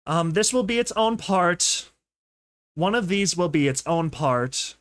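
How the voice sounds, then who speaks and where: Excitable young man streaming commentary. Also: sits high, a little slow, no echo. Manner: excitable, rambling, laughs often, says dude and bro. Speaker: streamer reading a story with commentary.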